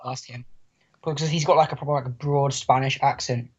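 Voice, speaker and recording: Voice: medium pitch, fairly even intonation, fairly quick, crowd noise. A podcast co-host in casual chat, rambling and joking and slipping into quoted voices. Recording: muffled lo-fi recording.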